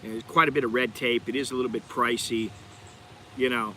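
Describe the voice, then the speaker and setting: A man's voice: mid-range voice, steady tone, brisk, pushed and bright, a little hiss or hum. A middle-aged American man hosting his channel, rambling in a chatty, digressive way and talking straight to his viewers. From United States. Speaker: channel host. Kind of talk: rambling livestream chat.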